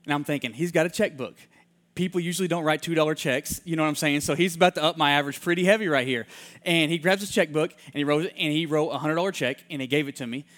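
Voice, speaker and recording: A man delivering a sermon as a rapid-fire story, his voice sitting a little high for a man. He acts out the people in his tale with lively voices and lets his voice fall to a hush when the story turns heartfelt. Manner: animated storyteller who acts out the people he quotes; drops to soft, hushed tones in heartfelt moments.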